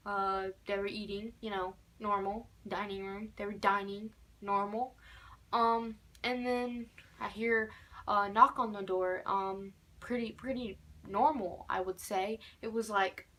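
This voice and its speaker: A woman's voice: medium pitch, little pitch movement, unhurried, a bit bright. A teenage girl telling a casual storytime tale, rambling with many fillers and restarts. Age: teens. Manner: rambling, many fillers, keeps repeating "normal". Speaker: vlogger.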